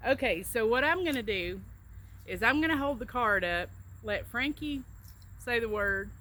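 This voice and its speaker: Speaking at normal speed, this woman has a fairly bright voice on the high side and sounds animated. She's a middle-aged co-host and travel agent from Alabama with a Southern drawl, casually walking through her pronunciations with small stories in an accent-tag chat.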